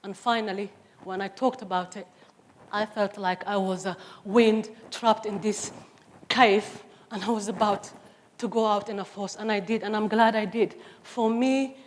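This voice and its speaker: A woman's voice: mid-range voice, steady tone, a little slow, slight background noise. A woman in her forties with a Somali accent, giving an earnest, emphatic personal testimony on stage with humorous asides. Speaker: speaker. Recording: long hall reverb on stage.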